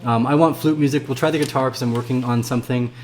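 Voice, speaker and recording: A man's voice: steady tone, quick pace, soft background music. Foul-mouthed man ranting on a livestream. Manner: swears freely, ranting at chat, swings from low mumbling to loud outbursts. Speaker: crypto trading livestream host. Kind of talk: casual livestream chat to viewers.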